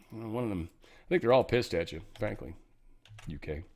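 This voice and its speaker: A man hosting a casual news commentary show, rambling and sarcastic, swearing now and then and slipping into mock voices. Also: mid-range voice. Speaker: host.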